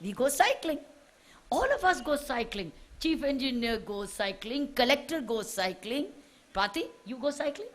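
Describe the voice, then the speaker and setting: A woman's voice: high-pitched, very animated, normal speed, slight background noise. A woman with an Indian English accent giving a public speech to students, urging them on with repeated rhetorical questions. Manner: exhorting, fires repeated rhetorical questions at listeners. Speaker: official addressing students.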